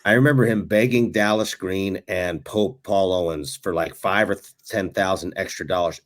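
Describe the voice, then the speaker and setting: Brief: man, former pro ballplayer, low voice, lively storyteller on a sports talk show. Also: moderate pace, hardly any pauses. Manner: animated storyteller who chuckles while recalling. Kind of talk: casual sports chat.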